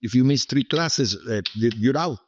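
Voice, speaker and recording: A Cuban businessman in his seventies, Spanish-speaking by birth and with a Cuban Spanish accent, tells wandering, repetitive stories as an interview guest, frequently asking "okay?" for emphasis. His voice is mid-range at a normal speed. The highs are cut off and there is background noise.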